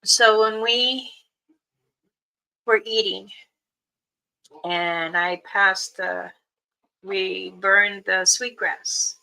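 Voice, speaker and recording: A woman, a spiritual elder, telling a story in casual spoken style, unhurried, pausing and restarting. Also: medium pitch, fairly even intonation, creaky, bright, forceful tone, rough recording.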